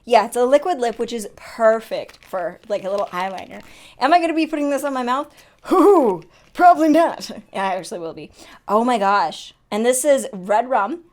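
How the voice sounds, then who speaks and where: A young woman in a casual makeup unboxing vlog, chatty and excitable, often gasping and laughing. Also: fairly high pitch, normal speed. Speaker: beauty vlogger.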